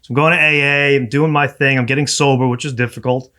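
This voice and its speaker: A man's voice: mid-range voice, fairly even intonation, fast, pushed and bright. A man in his thirties, a podcast guest, telling his story in a casual interview and acting out the people in it.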